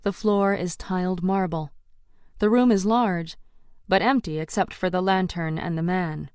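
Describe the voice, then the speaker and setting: A woman's voice: lowish voice, steady tone, a little slow, darkish tone, clean tone, dry recording. A woman reading a first-person audiobook with tense, dramatic delivery. Her voice sits in a middle range. The recording is dry and close. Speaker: audiobook narrator.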